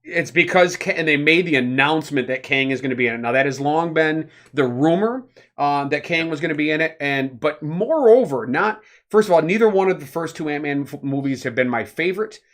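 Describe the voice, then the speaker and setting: A man co-hosting a casual podcast, explaining at length in an animated, rambling way with many fillers. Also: on the high side, brisk. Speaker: podcast co-host.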